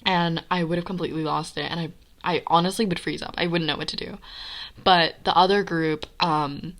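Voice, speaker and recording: Chatty young woman with a lowish voice. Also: a little fast. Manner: animated, filler-heavy with frequent "like" and "right?". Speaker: podcast guest telling a personal story. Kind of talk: casual storytelling.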